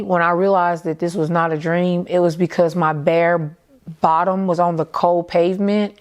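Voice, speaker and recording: A woman tells her story in a slightly low voice. Her speech comes in halting bursts, full of fillers and repeated phrases, in the manner of emotional first-person testimony. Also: darkish tone. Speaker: mother recounting her son's death.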